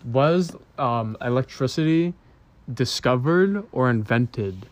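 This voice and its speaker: A man's voice: mid-range voice, expressive, takes it slowly. A young man co-hosting a podcast, teasing and roasting his friend in casual, profane chat. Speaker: podcast co-host.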